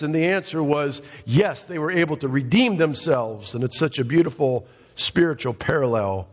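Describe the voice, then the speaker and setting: A pastor preaching a sermon, emphatic and repetitive, calling out members of the congregation by name. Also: male voice, on the high side, moderate pace, slightly rough, big-room sound, muffled recording. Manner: emphatic, repeats phrases, addresses congregation by name.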